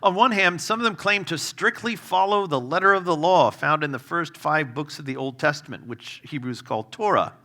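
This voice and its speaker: With a slightly high voice and a moderate pace, this man barely pauses as he delivers a sermon as a guest speaker. He keeps it conversational and humorous, telling funny stories laced with fillers, self-mocking wry asides, and varied volume.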